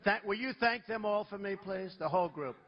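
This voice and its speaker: A presidential candidate speaking at a campaign rally, telling rambling, boastful stories in a conversational way. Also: male voice, sits high, brisk, highs cut off. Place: large rally venue.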